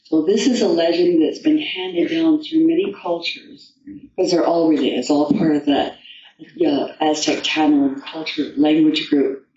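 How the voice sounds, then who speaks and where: A woman storyteller telling a folktale and a personal story in an unhurried, rambling way with restarts. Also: low voice, steady tone, dark tone. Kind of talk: told folktale and personal anecdote. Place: festival venue. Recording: dull distant echoey room recording.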